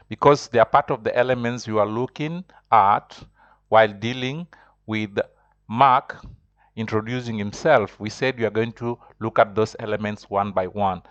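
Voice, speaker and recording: A man's voice: mid-range voice, no echo, muffled recording. A man teaching a beginners' French lesson online, explaining step by step and repeating himself often.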